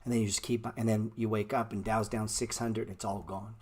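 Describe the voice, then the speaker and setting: Blunt, slangy low-voiced trading streamer. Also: male voice, little pitch movement, fairly quick, darkish tone, slightly rough. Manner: blunt slangy street talk, calls viewers bro; repeats words playfully. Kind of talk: live market commentary answering chat.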